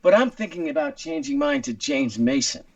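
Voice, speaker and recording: A middle-aged man hosting a chat show over a video call, joking around and drifting into playful put-on voices. His high voice is gravelly and swings lively in pitch. The sound is muffled and dry, as if he sits back from the mic. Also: normal speed, dry recording, far from the mic. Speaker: host. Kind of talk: casual chat.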